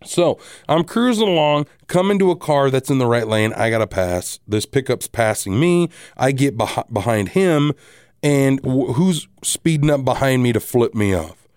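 A married man hosting a podcast, telling a story casually in a rambling, animated way with many restarts and asides. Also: mid-range voice, normal speed, clear, resonant tone, dry recording, clean studio sound. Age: adult, married. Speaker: podcast host.

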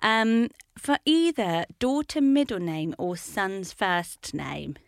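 A woman's voice: medium pitch, lively intonation, slow, creaky, no echo, studio quality. Enthusiastic woman musing on a podcast. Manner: enthusiastic, thinks aloud with ums. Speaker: podcast co-host. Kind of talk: casual podcast chat.

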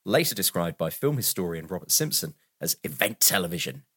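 Male podcast co-host, lowish animated voice, dry close sound, wry reader of notes. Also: a little fast, slightly rough, no room sound. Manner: reads film background aloud with wry asides and frequent laughs. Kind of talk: casual film podcast chat, reading notes aloud.

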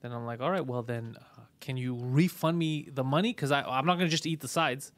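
Fast-talking, profane podcast host. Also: male voice, mid-range voice, no room sound. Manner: profane, animated storytelling full of acted quotes. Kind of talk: casual podcast chat.

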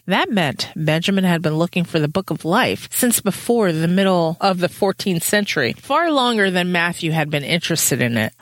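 Someone reading a novel out loud with jokey little asides, medium voice, dry close mic. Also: mid-range voice, lively intonation, moderate pace, few pauses, dry recording. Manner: playful asides, laughs between passages. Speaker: reader and co-host. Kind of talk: reading a novel aloud with casual commentary.

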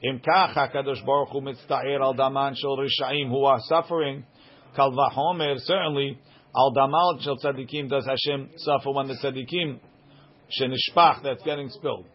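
A man teaches a Talmud class, reading a phrase of the text aloud and then explaining it in plain words. His pitch sits in the middle range for a man. The recording sounds dull and lo-fi. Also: steady tone, moderate pace. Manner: reads Aramaic text then translates it line by line.

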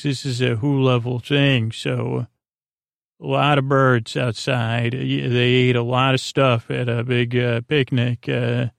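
A man's voice: mid-range voice, vocal fry, no room sound, studio quality. A man hosting a sleep podcast, retelling an episode in a meandering, hesitant way with many "uh"s and restarts. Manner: rambling and hesitant, full of "uh" and restarts. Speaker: podcast host.

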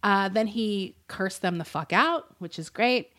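A woman's voice: medium pitch, unhurried, pushed and bright. A woman co-hosting a podcast, retelling a true-crime story in casual, rambling chat and laughing often. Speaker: podcast co-host.

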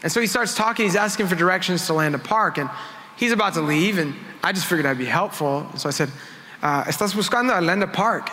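A man with a high, bright, forceful voice preaches to his congregation in an easygoing, storytelling way. His words ring out with a long reverb through the church hall. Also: fast. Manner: conversational, self-deprecating storytelling. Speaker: worship pastor. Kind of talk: sermon with personal stories. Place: church sanctuary.

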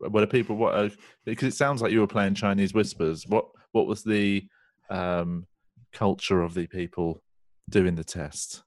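A man with a very deep voice, recorded dry and close. He co-hosts with deadpan jokes and quick short replies. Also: dry recording. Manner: dry, joking quips. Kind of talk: casual chat.

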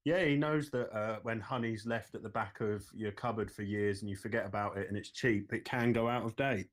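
A man's voice: on the low side, a little fast. A man with a British accent co-hosting a podcast in casual chat, dry and joking. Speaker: podcast co-host.

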